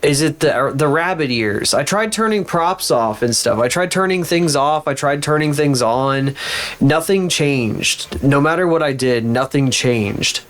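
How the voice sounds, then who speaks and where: A man's voice: a little high, lively intonation, a little slow, fairly bright tone. Rambling, cursing male streamer, just over illness. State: recovering from illness. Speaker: VTuber streamer. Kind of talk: casual live-stream chat.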